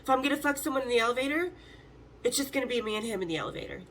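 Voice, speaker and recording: A woman in her fifties, the host, telling stories in a casual, animated way, swearing freely and acting out the voices of the people in them. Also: fairly high pitch, racing, a little hiss or hum. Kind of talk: casual storytelling.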